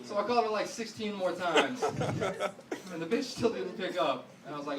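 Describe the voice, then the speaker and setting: A young man doing a stand-up set on a club stage, telling a profane story with deadpan asides and voicing the other people in it. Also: sits high, normal speed. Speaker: stand-up comedian. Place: comedy club stage before a live audience. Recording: roomy club sound, distant mic, audience noise.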